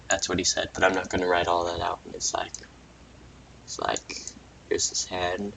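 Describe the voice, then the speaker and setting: A man's voice: deep voice, completely flat delivery, normal speed, gravelly, fairly bright tone, slight background noise. A man casually narrating a silly story while drawing on his computer, rambling and amused at himself, with muttered asides. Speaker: video creator.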